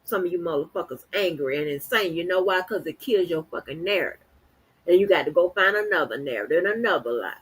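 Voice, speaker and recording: A woman's voice: lowish voice, lively intonation, quick pace, slightly rough. A woman hosting a livestream, talking bluntly and defiantly with heavy profanity and repeated words. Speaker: channel host. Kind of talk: livestream rant.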